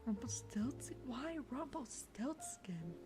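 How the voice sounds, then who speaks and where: A woman with an American accent, chatting with viewers in an ASMR stream, soft-spoken and partly whispered. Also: a little high, big pitch swings, takes it slowly. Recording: music playing behind.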